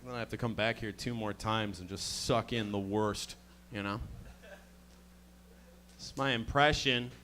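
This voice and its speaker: A man's voice: fairly low pitch, unhurried, long pauses, pushed and bright, slight background noise. A male stand-up comedian on a club stage, swearing and mock-insulting the audience between jokes.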